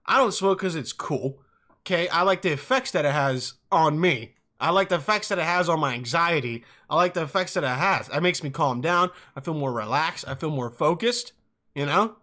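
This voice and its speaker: A young man hosting a podcast, telling comic stories in an animated, profane, rambling way. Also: a little high, moderate pace. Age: young adult. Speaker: podcast host. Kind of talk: casual comic storytelling.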